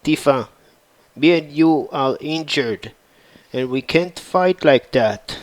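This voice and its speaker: A man's voice: a little high, takes it slowly, no room sound, low-quality recording. A man voicing a tough young woman who leads the party, blunt and direct. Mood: urgent.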